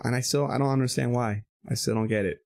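In a dry, studio-quality recording, a man with a gravelly mid-range voice rattles off a profane road-rage story at a fast clip. He hosts this casual podcast chat, animatedly voicing each side of the quoted exchange amid lots of swearing.

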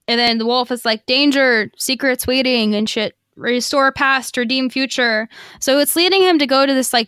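A woman podcast co-host recaps an episode in a loose, chatty way, swearing and slipping into quoted lines. Her voice sits high. The sound is dry and close to the mic. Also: a bit bright, clean tone, dry recording. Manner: chatty, profane, lots of fillers and acted quotes.

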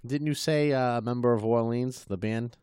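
A man hosting a relaxed interview, nudging his guest along with easy questions. His voice is smooth and clear, and the recording is dry. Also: mid-range voice, moderate pace, no echo. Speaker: host. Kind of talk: casual interview.

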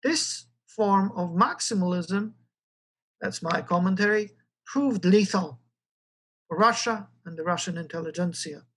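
Slow, husky-voiced history lecturer. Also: mid-range voice, fairly bright tone, poor audio. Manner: halting, with frequent fillers. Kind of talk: recorded lecture.

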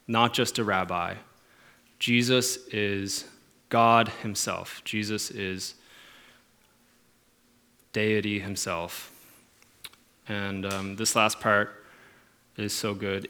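Pastor guy preaching, lowish voice, earnest, gets quiet then punches words hard. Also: fairly even intonation, slow, pauses often. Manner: earnest, swings from quiet musing to emphatic stresses. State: emotional at moments. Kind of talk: sermon.

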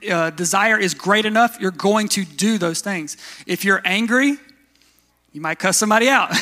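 A man's voice: high voice, sharp tone. A man pastor giving a conversational sermon, often asking his listeners questions and answering them himself. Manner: conversational, asks the congregation questions.

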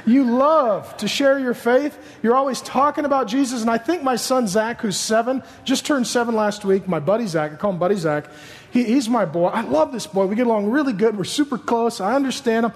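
A pastor in his thirties preaches with a strikingly high voice, acting out the voices in his stories and joking with the crowd. His voice rings out through a large hall with a long echo. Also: brisk. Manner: animated storytelling, acts out voices, joking. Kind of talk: sermon.

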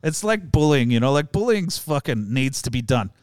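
A man's voice: medium pitch, sing-song, normal speed, clean tone, dry recording, studio quality. A young man, a stand-up comedian, telling crude stories in casual chat, swearing constantly and laughing as he goes. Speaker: stand-up comedian, podcast guest or host.

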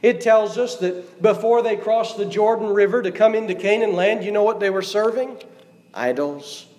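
The recording, full of long hall reverb, captures a man preaching in a church sanctuary at a normal speed. His voice is high-pitched and a little mellow as he reads scripture aloud and poses questions to those gathered.

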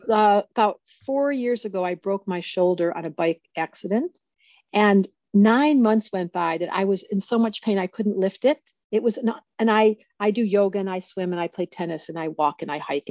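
A woman in her sixties talks through a video call. She tells her stories in a lively, practical way and acts out the lines people said. The audio is a bit dull and muffled, and the sound is dry and close. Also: medium pitch, moderate pace, no room sound. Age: 60s. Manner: animated storyteller who acts out quoted speech. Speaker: astrologer guest. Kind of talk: casual interview storytelling.

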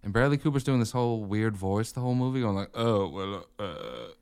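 Wry low-voiced man chatting movies. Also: lively intonation, quick pace, darkish tone, smooth. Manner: laid-back, wry, laughs often. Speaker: podcast co-host. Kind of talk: casual movie review chat.

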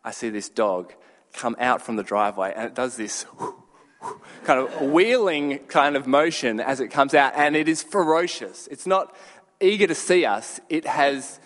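A man preaching a sermon, telling a story with dramatic pauses and sudden shouted bursts. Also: medium pitch. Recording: long hall reverb.

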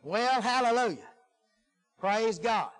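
Folksy preacher man, high voice. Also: expressive, slow, rough recording. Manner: folksy, emphatic, swings from loud to hushed. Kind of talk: sermon.

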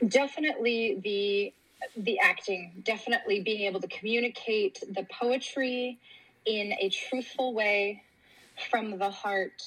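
Opera singer lady chatting, bright and a bit husky, lots of um and you know. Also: mid-range voice, measured pace, poor audio. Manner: animated, laughing, many fillers and restarts. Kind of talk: casual interview chat.

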